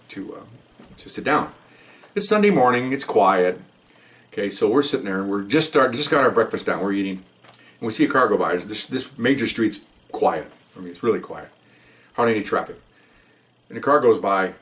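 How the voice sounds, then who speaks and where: Older guy talking quick, rambly cop war stories, keeps going "okay?". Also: on the low side. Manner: rambling, checks in with "okay?", many restarts. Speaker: police veteran storyteller. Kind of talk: casual storytelling monologue.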